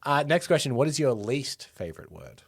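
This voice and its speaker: A teasing man hosting a podcast, his pitch swinging up and down a lot as he talks. He sets up questions and ribs his co-host, agreeing with a steady run of "yeah". His voice sits at a middle pitch. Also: a little fast, vocal fry. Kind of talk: casual chat.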